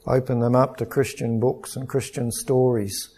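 A middle-aged pastor preaching an earnest, measured sermon with stories. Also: male voice, mid-range voice, flat delivery, warm tone, husky.

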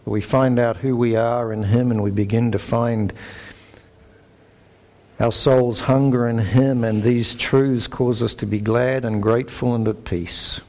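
A man's voice: mid-range voice, fairly even intonation, measured pace, a little mellow. A man with a New Zealand accent preaching a sermon, earnest and emphatic as he reads scripture aloud. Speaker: pastor.

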